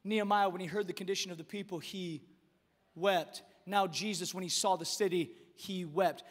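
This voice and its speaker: A man preaching a sermon as pastor, impassioned, dropping to a hush and then rising to shouts, with quick repeated words. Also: high-pitched, steady tone, long reverb tail. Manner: impassioned preaching, swinging between hushed and shouted.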